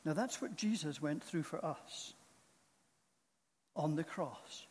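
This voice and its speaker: A man preaching a sermon in a church, speaking in a slow, solemn and earnest way. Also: fairly high pitch, animated, a little mellow. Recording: long reverb of a large hall.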